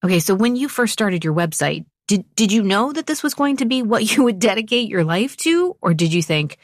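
A woman hosting a radio interview show, asking questions and introducing segments in a friendly, measured way. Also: mid-range voice, sing-song, dry recording, studio quality. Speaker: radio host.

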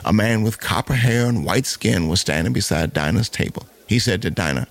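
Gravelly low-voiced male storyteller. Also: expressive, normal speed. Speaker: narrator. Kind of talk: storytelling narration.

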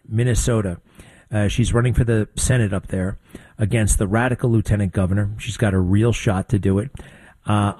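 A man's voice: lowish voice, warm tone, dry recording, rough recording. An older man hosting a talk show, rambling through opinions with folksy, conversational asides. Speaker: radio host. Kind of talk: opinionated talk radio monologue.

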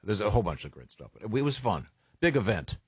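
A man's voice: lowish voice, very animated, quick pace, slightly rough, dry recording. A man co-hosting a morning radio show, chatting casually in a studio and rambling through stories with chuckles and restarts. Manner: rambling, self-interrupting storyteller with chuckles. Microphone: studio microphone.

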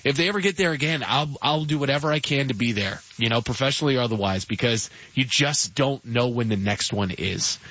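Man, early 40s, sports radio co-host, bright forward tone, a little husky, slightly muffled broadcast sound. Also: medium pitch, animated, fairly quick, few pauses, no room sound. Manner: chatty, laughs easily.

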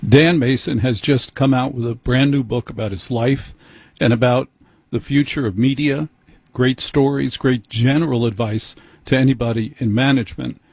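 A male host speaks in a conversational, opinionated way, his voice slightly husky. The sound is dry and close, with little room around it. He shifts easily between introducing his guest and giving his own view. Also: mid-range voice, fairly even intonation, moderate pace, darkish tone, no echo. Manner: opinionated, mimics others for effect. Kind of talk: conversational commentary and interview.

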